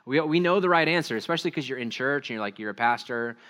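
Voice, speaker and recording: A man's voice: mid-range voice, expressive, fast talker, bright, forceful tone. A male pastor giving a casual, rambling sermon, self-deprecating and full of fillers and restarts.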